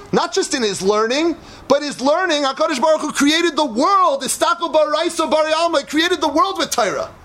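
Male Torah lecturer, very high voice, fervent and dramatic, building to shouts. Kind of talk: impassioned Torah class.

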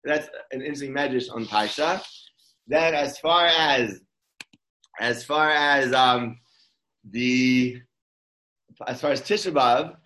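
A man's voice: mid-range voice, slow pace, pauses often, sharp tone, echoey room, poor audio. A man giving an informal Torah talk in a conversational way, often restarting his sentences. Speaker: Torah speaker.

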